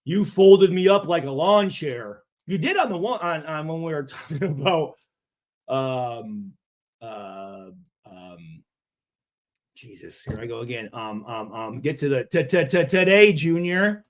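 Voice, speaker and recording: Animated, profane man with a stutter. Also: on the high side, slow. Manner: profane, animated, repeats himself; stutters, restarts often. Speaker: vlogger reading comments. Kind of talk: casual comment reaction.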